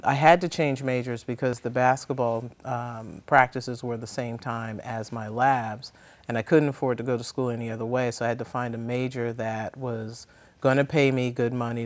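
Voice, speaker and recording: A woman in her fifties from New Jersey, answering interview questions thoughtfully with frequent pauses and ums. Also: rumbling low. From New Jersey, USA. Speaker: interview guest.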